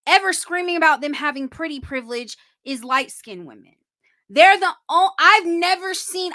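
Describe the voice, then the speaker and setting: A woman hosting a casual livestream, chatting straight to her viewers with quick restarts. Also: high-pitched, sharp tone. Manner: chatty, addresses viewers directly, frequent restarts. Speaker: host.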